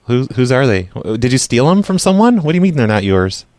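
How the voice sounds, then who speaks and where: A man's voice: medium pitch, sing-song, brisk, a little mellow. Man making a prank phone call. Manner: innocent, fake-apologetic prank caller. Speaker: prank call radio host.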